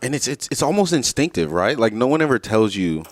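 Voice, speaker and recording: A man's voice: medium pitch, big pitch swings, a little fast, no room sound. A man co-hosting a morning talk show, easygoing and rambling, laughing often. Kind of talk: casual chat.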